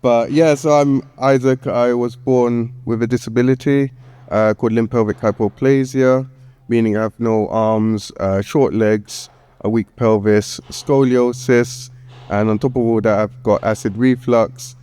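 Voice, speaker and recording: Male panelist, warm smooth voice, self-deprecating and good-humored. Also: mid-range voice, steady tone, a little slow, no echo. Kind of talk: panel talk.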